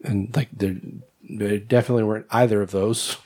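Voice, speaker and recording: A man co-hosting a podcast, chatting casually about a film, blunt and quick to swear, often trailing off and restarting. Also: lowish voice, fairly even intonation, darkish tone. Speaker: podcast co-host. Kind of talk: casual movie review chat.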